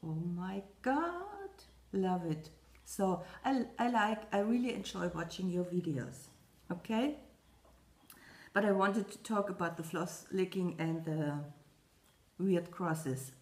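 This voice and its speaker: Slow, hesitant woman vlogger. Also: lowish voice, darkish tone, reverberant. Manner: slow, hesitant, many fillers and restarts. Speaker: Flosstube vlogger. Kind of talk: casual chat to camera.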